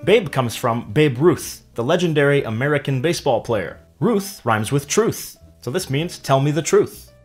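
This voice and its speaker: Guy teaching a language lesson, scripted and clear, draws out the example words, faint music behind. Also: medium pitch, expressive. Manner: clear explanatory delivery, stretches example words slowly.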